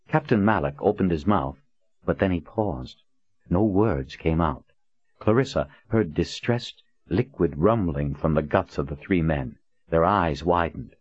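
A man with a very low voice narrates an audiobook with lively, swinging intonation. The sound is dry and close, with a dull, lo-fi quality. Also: normal speed, breathy edge, no echo. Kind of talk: scripted narration.

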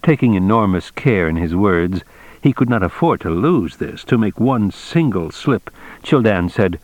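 A man narrating an audiobook in a measured, even storytelling manner. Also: on the low side, no room sound, poor audio. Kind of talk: scripted narration.

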